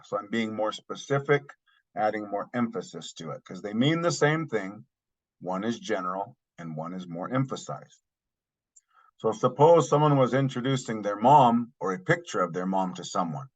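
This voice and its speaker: A man teaching a language lesson, saying each phrase twice slowly and then explaining it in plain terms. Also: on the low side. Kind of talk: slow spoken language lesson.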